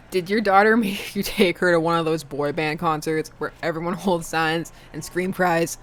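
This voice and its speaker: A woman's voice: on the low side, fairly even intonation, unhurried, lightly acted. A woman reading the lines of a friendly, easygoing middle-aged man in a dating game.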